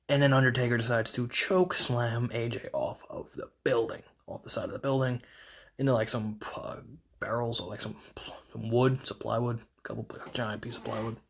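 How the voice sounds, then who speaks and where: Rambling excited man recapping wrestling. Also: medium pitch, creaky. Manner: rambling, fast retelling full of "like" and restarts. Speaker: wrestling video reviewer.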